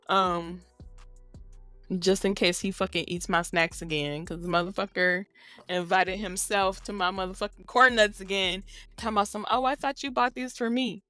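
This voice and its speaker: A woman's voice: mid-range voice, steady tone, normal speed, bright, forceful tone, clear, resonant tone, no echo, faint music behind. A middle-aged woman co-hosting a podcast, telling a long story in casual, profane chat. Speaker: podcast co-host.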